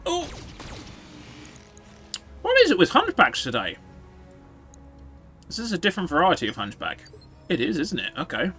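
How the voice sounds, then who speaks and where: Man, casual game commentary, very animated delivery, bright voice, wry and profane. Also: on the high side, normal speed, pauses often, faint music behind. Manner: sarcastic, swearing, jokey asides to chat. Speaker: streamer.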